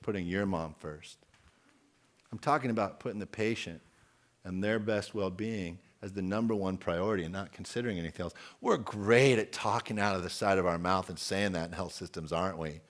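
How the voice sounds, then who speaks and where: A man in his forties giving an outspoken, emphatic conference keynote and putting questions to the audience. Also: on the low side. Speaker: keynote speaker.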